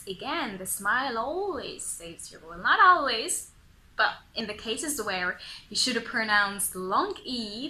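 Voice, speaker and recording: A young woman from Tunisia teaching English pronunciation in a playful way, sounding out words slowly and carefully. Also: a little high, bright, forceful tone, a little hiss or hum, poor audio. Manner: playful, slow and carefully enunciated. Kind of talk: video pronunciation lesson.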